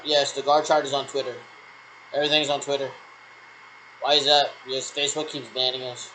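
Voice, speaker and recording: A man's voice: medium pitch, pushed and bright, low-quality recording. A man in the middle of a long radio check, his talk looping and meandering. He leans on clipped military replies over and over. A faint hiss sits under his voice. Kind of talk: rambling one-sided radio check talk.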